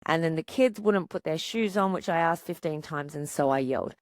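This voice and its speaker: A woman psychologist hosting a podcast, calmly coaching parents and asking rhetorical questions. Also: low-pitched, brisk, no echo, studio quality. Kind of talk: podcast monologue giving parenting advice.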